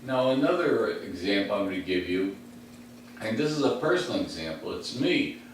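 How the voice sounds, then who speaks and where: A man's voice: fairly low pitch, big pitch swings, normal speed. Man rambling in a very echoey room. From west side of Chicago, USA. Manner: chuckles to himself, loose and rambling with many fillers. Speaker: comedian host of a podcast. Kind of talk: rambling comic storytelling. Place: at home in his recliner. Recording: very echoey room, mic at a distance, faint hum.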